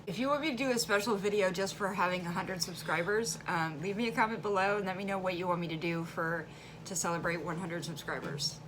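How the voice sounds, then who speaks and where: A woman's voice: lowish voice, fairly quick, noisy background. Chatty woman with a central Illinois accent. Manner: chatty, animated, laughs easily. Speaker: vlogger. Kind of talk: casual chat.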